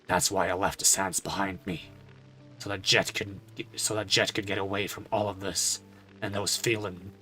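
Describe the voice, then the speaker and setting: A man's voice: sits low, level tone, sharp tone, faint music behind, pitched below the performer's own voice. A man voicing a brooding grave desert father. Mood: solemn. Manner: slow, solemn, heavy.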